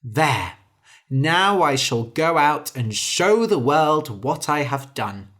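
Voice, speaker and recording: Casting: cheeky, boastful little tailor, voiced by the narrator, bouncy and slow-paced. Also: mid-range voice, big pitch swings, fairly bright tone. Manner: cheerful and boastful.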